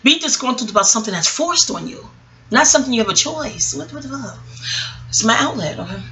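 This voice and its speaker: A woman's voice: fairly high pitch, expressive, fairly quick, a bit bright, slight background noise. A woman giving rambling, profane commentary in a casual, scattered way, jumping from one thought to the next. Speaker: online commentator. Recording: audio-only home recording.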